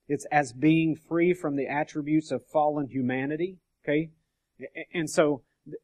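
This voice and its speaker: A man's voice: a little high, darkish tone. Man teaching a casual Bible study. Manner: conversational, frequent "okay?" check-ins and restarts.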